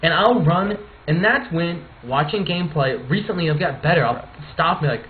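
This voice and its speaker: A man's voice: on the high side, moderate pace. A man hosting a casual chat, steering the talk and telling stories with animation. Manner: leads the talk, animated storytelling. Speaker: podcast host. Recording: tinny phone-like line with faint noise.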